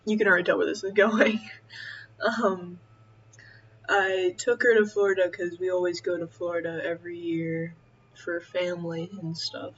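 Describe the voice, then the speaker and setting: Rambling young woman with low voice. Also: flat delivery, lo-fi sound, a little hiss or hum. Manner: rambling, halting, many fillers. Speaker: vlogger. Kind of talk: casual chat while eating.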